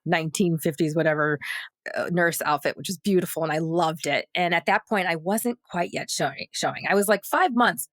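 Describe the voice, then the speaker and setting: Animated woman telling a story. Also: on the low side, a little fast, dry recording, clean studio sound. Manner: animated, acts out quoted voices. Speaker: guest actress. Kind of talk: podcast round-table storytelling.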